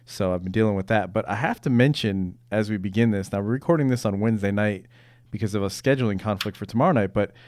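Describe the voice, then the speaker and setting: Congested low-voiced male podcast host. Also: fast talker, darkish tone, no room sound. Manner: enthusiastic, geeky. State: congested from a cough. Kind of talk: casual podcast chat and news rundown.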